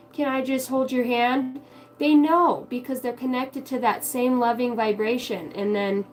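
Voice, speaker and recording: A woman's voice: on the high side, poor audio. A woman giving a casual, heartfelt spiritual monologue, candid and swearing freely. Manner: acts out quoted voices in her stories. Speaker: spiritual vlogger.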